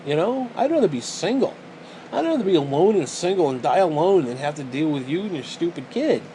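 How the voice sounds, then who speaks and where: A man's voice: on the high side, big pitch swings, brisk, warm tone, slight background noise. A man vlogging a casual rant to the camera, crude, profane and exasperated.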